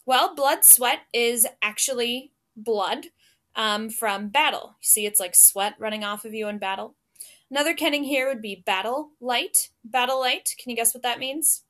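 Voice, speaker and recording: A woman's voice: on the high side, moderate pace, a bit bright. A woman teacher giving a recorded lecture, explaining step by step with frequent ums and small restarts.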